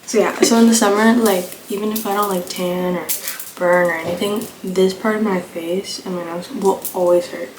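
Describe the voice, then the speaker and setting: Coming down with a cold, a young woman with a slightly hoarse, mid-pitched voice talks into her phone camera during a casual makeup tutorial, rambling and leaning on fillers. She keeps a moderate pace and fairly even intonation, and the echoey room carries clear background noise.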